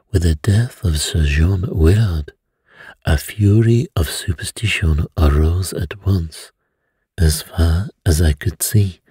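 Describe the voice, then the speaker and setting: A man voicing a placid, precise middle-aged male detective in a bedtime story, speaking calmly and gravely. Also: deep voice, dry recording, full character voice. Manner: calm, grave and measured.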